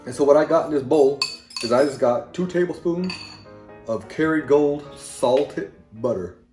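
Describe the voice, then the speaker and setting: A man's voice: fairly high pitch, a little slow, dark tone, reverberant, soft background music. A man with a Southern accent hosting a home cooking video, talking plainly and folksy with rambling asides as he walks through a recipe in his kitchen. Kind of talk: casual cooking demonstration.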